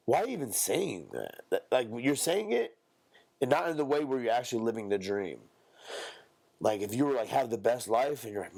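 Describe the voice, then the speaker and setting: A young man, a podcast co-host, ranting bluntly and profanely in casual talk, now and then mocking others in a squeaky high voice. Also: very animated, brisk, gravelly, a little mellow, husky.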